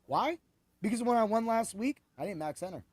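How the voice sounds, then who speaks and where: A man hosting a podcast, talking excitably about fights in a rambling way that keeps correcting itself. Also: high-pitched, brisk, no echo. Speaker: podcast host. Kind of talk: animated sports betting chat.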